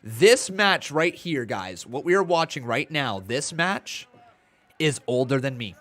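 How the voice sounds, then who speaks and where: A mid-range, sing-song voice with a fairly bright tone belongs to a man in his twenties who speaks a little slowly. On his watch-along live stream he reads chat and calls the action, sounding a little tired and yawning.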